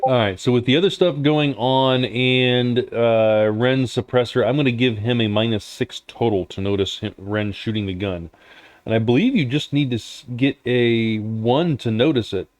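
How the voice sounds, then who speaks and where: Laid-back game master, dry close mic. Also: male voice, mid-range voice, normal speed, dry recording. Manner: relaxed, hesitant, lots of filler. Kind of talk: running a tabletop game online.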